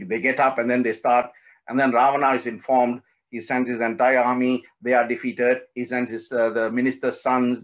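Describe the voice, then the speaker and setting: A man's voice: mid-range voice, lo-fi sound. Man teaching a devotional story. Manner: conversational, frequent questions to the audience. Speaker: spiritual study teacher.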